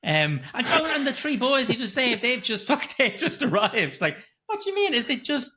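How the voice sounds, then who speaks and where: Sweary bright-voiced man. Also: very high voice, normal speed. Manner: sweary, animated, mimics characters mockingly. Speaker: podcast co-host. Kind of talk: casual film review chat.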